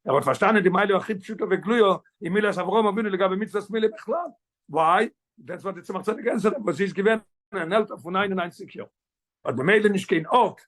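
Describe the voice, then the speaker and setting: A man, a rabbi, teaching a Torah class, explaining the text quickly and switching languages mid-sentence. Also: sits high, a bit bright. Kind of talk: Torah class, mixing English and Yiddish.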